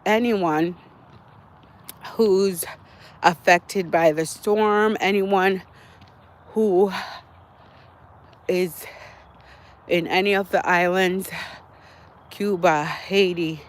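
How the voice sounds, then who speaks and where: A man's voice: sits high, fairly even intonation, very slow, pauses often. A man, out of breath as he walks an outdoor track, chatting to his livestream viewers and repeating himself. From Jamaica. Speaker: livestream host. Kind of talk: casual walking livestream. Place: outdoor walking track near woods at dusk.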